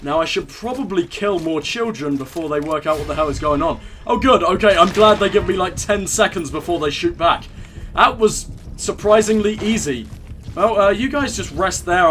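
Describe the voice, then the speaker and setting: A man's voice: on the high side, normal speed, a bit bright, a little hiss or hum. A young man casually commenting on his gameplay, joking irreverently and talking to the characters on screen. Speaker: let's play gamer.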